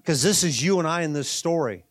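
A man's voice: on the high side, a little fast. A middle-aged man preaching a sermon, conversational, with emphatic bursts and asides. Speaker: pastor.

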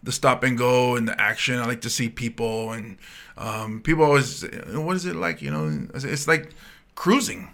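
A man's voice: medium pitch, normal speed. A man in his thirties from Hawaii with a light Pidgin-tinged accent, telling stories in a casual podcast chat and acting out the voices of the people in them. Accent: Hawaiian Pidgin-tinged English. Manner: animated storyteller acting out quoted voices. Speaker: comedian guest.

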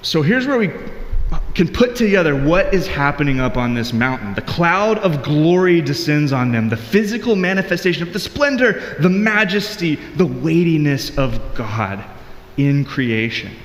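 A man's voice: fairly high pitch, very animated, moderate pace, echoey room, in a large hall, slight background noise. A married man giving a conversational, earnest sermon as a pastor, with frequent restarts.

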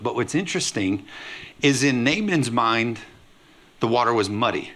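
A man pastor preaching a lively sermon, acting out quoted voices with humor. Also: mid-range voice, normal speed.

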